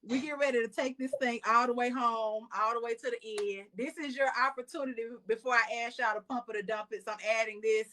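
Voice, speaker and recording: A young woman hosting a casual interview show in a chatty, animated way, acting out little quotes as she tells stories. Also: fairly high pitch, fast talker, hardly any pauses. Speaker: host.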